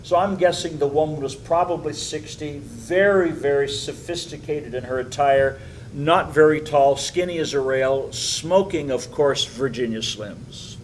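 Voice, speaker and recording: An older man, a pastor, teaching a Bible study with animated, chuckling storytelling in a church. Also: fairly high pitch, unhurried, a little hiss or hum, low-quality recording.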